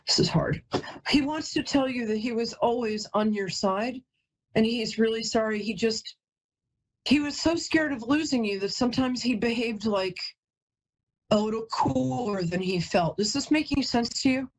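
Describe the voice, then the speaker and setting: A woman's voice: a little high, moderate pace, rough recording. A woman hosting a live call-in psychic reading, chatty and emotional, who often breaks off mid-sentence to apologize. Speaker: psychic medium host.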